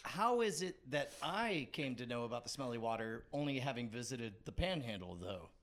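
A man's voice: medium pitch, lively intonation, moderate pace, a bit bright. A man hosting a casual podcast chat, teasing and asking the others questions.

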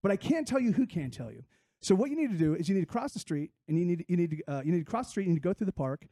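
A man's voice: high-pitched, big pitch swings, rapid-fire, warm tone, no room sound, clean studio sound. A man voicing a kindly homeless man who gives long, repetitive directions. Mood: earnest. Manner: rambling, repeats himself.

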